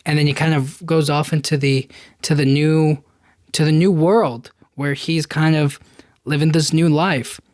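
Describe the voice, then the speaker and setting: A man's voice: a little high, steady tone, a little slow, darkish tone, no room sound, studio quality. A man hosting a podcast, casually retelling a movie plot in a rambling way full of fillers. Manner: rambling, filler-heavy retelling with frequent "you know what I mean". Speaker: podcast host. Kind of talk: casual film recap.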